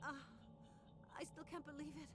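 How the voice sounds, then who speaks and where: A woman's voice: high-pitched, little pitch movement, normal speed, lightly acted. A woman voicing a frightened female colonist. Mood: fearful. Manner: anxious, pleading. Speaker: rescued colonist. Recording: game audio with music underneath.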